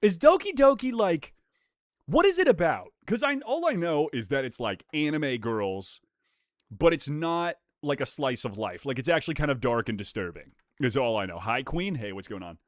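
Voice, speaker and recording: Excitable young streamer with a lively voice. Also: male voice, fairly high pitch, moderate pace, dry recording, clean studio sound. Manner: excitable, animated, swears casually, reads chat aloud. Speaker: live streamer. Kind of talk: casual live-stream chat while opening card packs.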